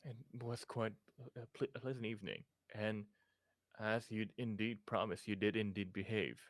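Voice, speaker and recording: A man voicing a polite, scholarly nobleman in a tabletop game, speaking formally with many pauses and fillers. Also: lowish voice, steady tone, dry recording, clean studio sound, close to an everyday voice. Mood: gently advising. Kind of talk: tabletop role-play character voice.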